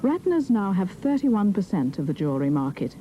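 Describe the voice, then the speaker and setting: Woman narrating with a dark, mellow voice. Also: mid-range voice, big pitch swings, a little fast, highs cut off, faint music behind. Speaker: documentary narrator. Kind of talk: scripted narration.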